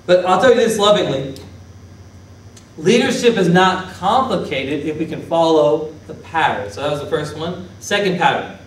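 A man preaching as pastor, lively, questioning his congregation and acting out Bible figures. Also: fairly high pitch, normal speed. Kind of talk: sermon. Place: church sanctuary. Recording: echoey church hall from a distance.

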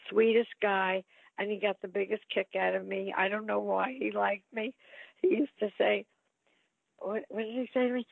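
A woman's voice: medium pitch, gravelly, no echo. Older lady reminiscing, dry close sound, chatty, quotes people a lot. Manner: chatty storyteller, lively quoted asides. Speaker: actress guest. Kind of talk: reminiscing interview. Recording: tinny phone-like line.

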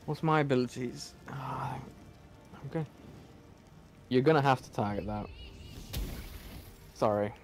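A man's voice: medium pitch, a little slow, pauses often, soft background music. A man playing a video game, muttering and swearing at it as he goes. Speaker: gamer. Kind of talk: game commentary.

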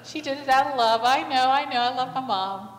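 A woman pastor with a high-sitting voice talks a little fast, asking the congregation plenty of questions and animatedly telling stories in a conversational sermon. The recording has the echo of a church hall and faint ambience from the sanctuary.

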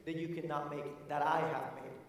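A man with a high, bright voice delivers an energetic motivational talk, repeating his key phrases and asking the audience questions. He is picked up from a distance in a big hall, and a long reverb trails after his words. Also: moderate pace. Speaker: keynote speaker. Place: large conference hall. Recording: echoey hall from far off.

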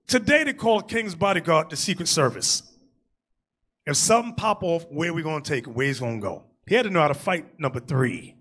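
A man preaching to a congregation in a high, bright voice that swings widely in pitch. He tells stories, jokes with the room and breaks into loud shouted asides. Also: breathy edge. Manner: animated, joking storytelling with shouted asides. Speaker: bishop preaching. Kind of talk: sermon.

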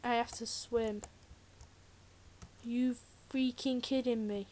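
A woman's voice: a little high, steady tone, slow. Chatty British teen girl gamer. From Britain. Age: teens. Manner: chatty, jokey, rambling asides. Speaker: Let's Play gamer. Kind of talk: casual game commentary. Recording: loud keyboard typing noise. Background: loud keyboard clicks and typing.

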